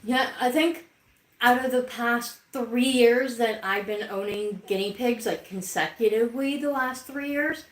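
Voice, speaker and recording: A woman with a fairly high voice speaks a little slowly while hosting a chatty livestream. She has the hiccups, reads viewer comments aloud, and talks to her pets, and the audio is poor and reverberant.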